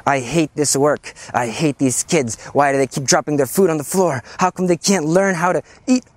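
Grumbling, resentful janitor, put on by a preacher: slow, low, muttered. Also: male voice, no echo, natural voice. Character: grumbling bitter male janitor.

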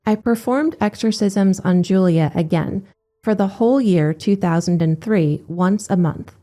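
A woman giving a steady, measured scripted narration of religious accounts. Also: mid-range voice.

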